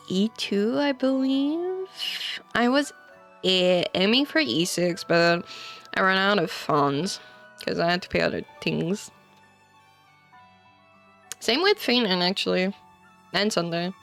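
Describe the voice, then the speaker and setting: A woman's voice: medium pitch, fairly bright tone. A woman streamer casually reading fanfiction aloud to her chat, giggling and rambling with many fillers.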